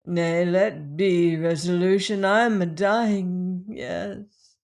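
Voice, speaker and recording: A dying young woman murmurs her farewells in a faint, breathy voice, as a man reads her lines. She speaks slowly and weakly, her tone tender and pleading. It is a storybook reading. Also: high voice, fairly even intonation, a little mellow, full character voice. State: dying, weak. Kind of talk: audiobook character reading.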